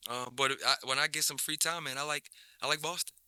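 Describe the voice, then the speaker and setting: A man's voice: on the high side, brisk, clean tone, no echo. Laid-back man rambling with restarts. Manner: relaxed, rambling, many restarts and slang. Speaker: basketball coach, guest. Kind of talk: casual interview chat.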